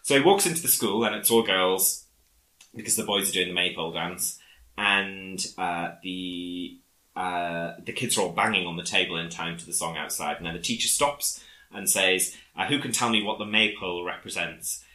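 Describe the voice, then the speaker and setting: A man casually recapping a film on a podcast, halting often with fillers as he retells scenes. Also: low-pitched, bright, forceful tone, reverberant, poor audio. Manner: rambling, halting with many fillers. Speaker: podcast co-host.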